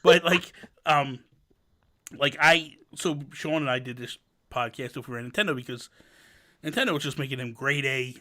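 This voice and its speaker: A man in his thirties with a medium-pitched voice and normal speaking speed hosts a podcast. The talk is casual, and he animates his stories by performing the quotes.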